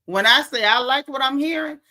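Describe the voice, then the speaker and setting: A sassy Southern woman dishes celebrity gossip in a bright, forceful voice that sits a little high. She is blunt and talks straight to her viewers like they are friends. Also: fairly quick. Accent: Southern American. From American South. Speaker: host. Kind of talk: casual gossip commentary.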